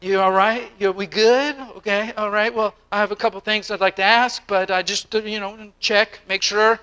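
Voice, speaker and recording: A man acting out a timid man who nervously flatters God in prayer, hesitant and halting. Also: sits high, clean tone. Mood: fawning.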